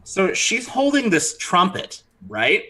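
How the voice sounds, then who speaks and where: A man narrating as dungeon master of a tabletop game, animated and throwing in character voices. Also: sits high, takes it slowly, rough recording.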